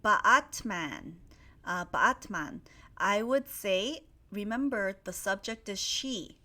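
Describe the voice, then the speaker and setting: A woman teaching English grammar in a live online lesson, reading out viewers' sentences and gently correcting them. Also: medium pitch, animated, slow. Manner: spells out endings letter by letter, stretches key words.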